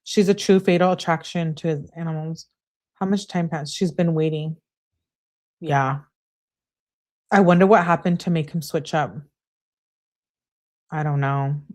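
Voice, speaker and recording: A true crime live streamer reads text messages aloud in a raised, heated voice, then drops into lower, dry asides to comment and answer her chat viewers. Her voice is a little mellow and a little slow, with fairly even intonation and long pauses.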